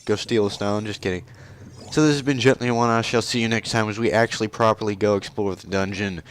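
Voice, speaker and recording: A man's voice: on the low side, steady tone, fairly quick, slight background noise. A man hosting a let's play, giving casual, sarcastic and joking commentary on a video game. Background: video game music.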